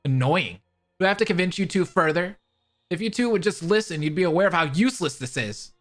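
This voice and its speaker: A man's voice: sits high, expressive, soft background music. A man playing a taunting mastermind of despair. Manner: taunting, contemptuous, slow and menacing. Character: cold scheming male mastermind of despair. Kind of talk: fan voice drama.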